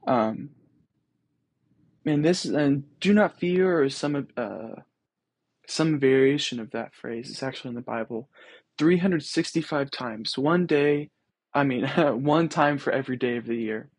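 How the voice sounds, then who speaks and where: A man's voice: mid-range voice, unhurried, breathy edge, dry recording. A young man hosting a podcast, reflecting on scripture in a casual, earnest way with many ums and restarts. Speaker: podcast host.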